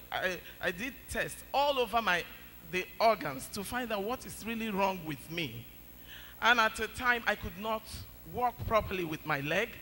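High, bright-voiced man testifying in church. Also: a little hiss or hum. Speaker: church member giving testimony. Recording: long church reverb, faint ambience.

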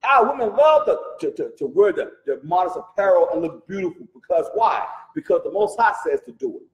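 A man's voice: sits high, big pitch swings, a little fast, echoey room, rough recording. A man leading a Bible study, speaking emphatically and firing off rhetorical questions. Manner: calls the reader brother. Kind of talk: animated religious teaching.

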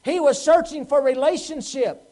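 A man's voice: extremely high pitch, normal speed, mellow, rough recording. A man preaching a Sunday sermon as pastor, asking the congregation pointed questions and acting out quotes. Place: church sanctuary.

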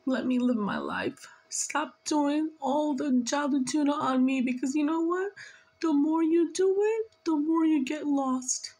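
A woman's voice: high-pitched, very animated, measured pace, warm tone, poor audio. A tearful woman giving an emotional spiritual reading, talking in an earnest, scolding and pleading way. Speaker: spiritual reader.

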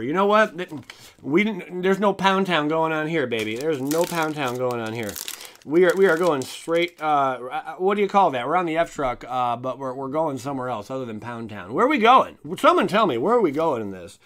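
A young man gives running commentary while he opens packs of trading cards. His voice is bright and carries an edge, and it swings high and low as he gets excited. He chats casually and breaks into loud whoops when a good card turns up. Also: normal speed. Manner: hyped and chatty, bursts into shouts and laughter. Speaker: card-opening video host.

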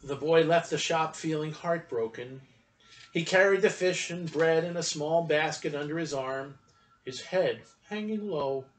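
Church storyteller, a man reading a children's story with expression. High voice, picked up from a distance. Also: measured pace, a little hiss or hum.

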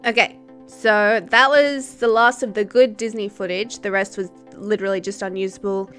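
A woman in her twenties chatting casually as a YouTuber in a reaction vlog, gushing and excitable and laughing often. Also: medium pitch, normal speed, faint music behind. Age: 20s.

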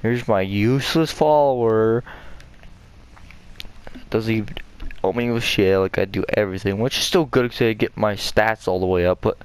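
A man's voice: on the low side, normal speed, smooth. A man giving let's play commentary, ranting angrily and cursing constantly as he plays. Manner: angry, profane, ranting. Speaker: gamer.

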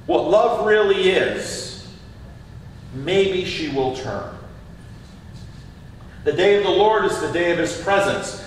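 A man's voice: high voice, fairly bright tone, a little hiss or hum. A man preaching a sermon as pastor, asking his listeners rhetorical questions. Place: church sanctuary. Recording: echoey church hall from far off.

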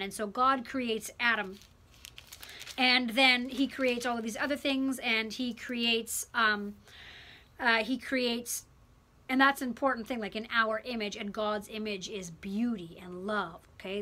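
A woman teaching a religion class in a classroom, talking in an animated, emphatic way and repeating words for effect. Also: a little high, moderate pace. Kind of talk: classroom lecture.

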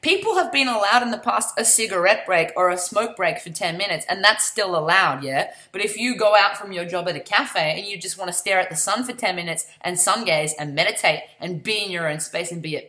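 A woman from Adelaide with an Australian accent, hosting a casual comedic news vlog in an excitable, sweary way. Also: fairly low pitch, a little fast, hardly any pauses. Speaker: host.

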